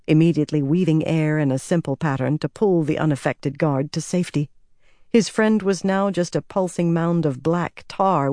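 A narrator reading a fantasy novel aloud in a measured, dramatic storytelling manner. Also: mid-range voice, darkish tone, no room sound, studio quality. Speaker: audiobook narrator. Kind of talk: scripted fantasy audiobook narration.

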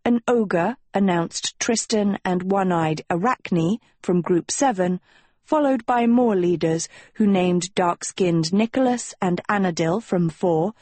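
A woman narrating a storybook in a measured, even way. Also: medium pitch, dry recording. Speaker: audiobook narrator. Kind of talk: scripted narration.

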